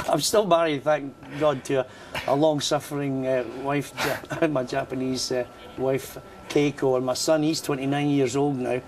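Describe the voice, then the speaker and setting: A man's voice: mid-range voice, measured pace, slight background noise. An older Scottish man, a musician guest telling jokey stories in a chatty morning interview. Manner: jokey, lively storyteller.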